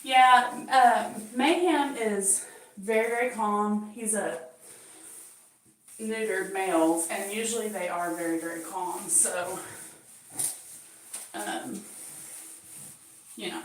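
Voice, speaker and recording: A woman's voice: mid-range voice, slow pace, pauses often. A woman hosting her channel, chatting casually and laughing often as she cleans her bathroom and talks to her cat. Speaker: channel host chatting with live viewers. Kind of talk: casual chat while cleaning. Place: home bathroom. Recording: echoey bathroom, voice from far off, faint background noise.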